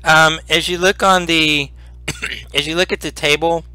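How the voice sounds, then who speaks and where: A game master reads out the scene in a slow, drawn-out way. His voice is bright and crisp, a little higher than most men's, and it sounds close and dry. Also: steady tone, dry recording. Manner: slow, deliberate scene description. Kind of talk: tabletop game narration.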